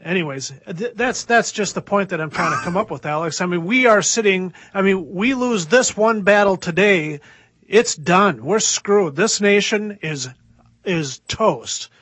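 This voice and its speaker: A man's voice: sits high, animated, unhurried, fairly bright tone, breathy edge, no echo. A man who is a guest on a talk radio show, giving urgent, emphatic warnings. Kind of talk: earnest talk radio discussion.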